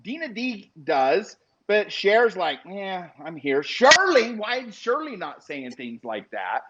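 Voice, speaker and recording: A man chats to his viewers on a live stream, emotional and rambling. His voice sits a little high for a man. The sound is dull and lo-fi. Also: huge pitch swings, slow, heavy background noise. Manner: emotional, chatty, addresses viewers directly. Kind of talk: casual live-stream chat.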